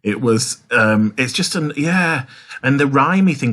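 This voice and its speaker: A man's voice: medium pitch, expressive, unhurried, fairly bright tone. A man co-hosting a podcast in casual chat, speaking emphatically and dramatically. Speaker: podcast co-host.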